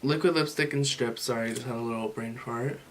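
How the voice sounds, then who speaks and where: A man's voice: mid-range voice, steady tone, fairly quick, fairly bright tone, soft background music. A man chatting casually through a makeup tutorial, swearing freely and filling with "like" and "you know". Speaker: makeup vlogger.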